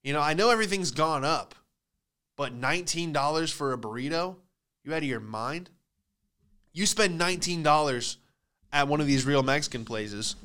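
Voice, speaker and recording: A man in his thirties hosting a comedy podcast, telling casual stories and switching into voices for the people he quotes. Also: medium pitch. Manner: animated storytelling with put-on voices for quoted people.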